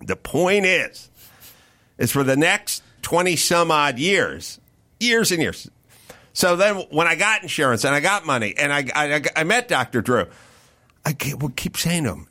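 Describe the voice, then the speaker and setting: A man hosting a podcast, telling a profane, animated story in a casual chat. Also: a little high, a little slow. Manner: profane, animated anecdote with acted-out quotes. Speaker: podcast host.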